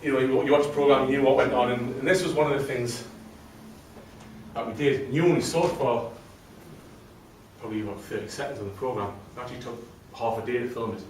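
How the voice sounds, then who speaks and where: A fast-talking man with a medium-pitched, slightly mellow voice shares his own story with a live audience, chatty and self-mocking. The room sounds very echoey from the far-off mic, with faint ambience and slight hiss or hum.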